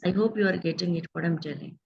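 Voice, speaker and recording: Woman grammar teacher, low gravelly voice, patient and explanatory, dull lo-fi class audio. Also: quick pace. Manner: patient, explanatory, checks in with students. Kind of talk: online grammar lesson.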